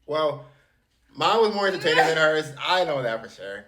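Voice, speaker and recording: A young man from Florida hosting a casual chat, telling stories in an animated way and quoting people in exaggerated voices. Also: on the high side, moderate pace, roomy sound. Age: young adult. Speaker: channel host.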